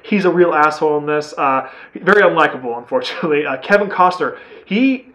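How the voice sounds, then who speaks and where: Fast-talking, rambling young man. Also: on the high side, animated, a bit bright, low-quality recording. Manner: rambling, filler-heavy, enthusiastic. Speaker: movie reviewer. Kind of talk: casual video review.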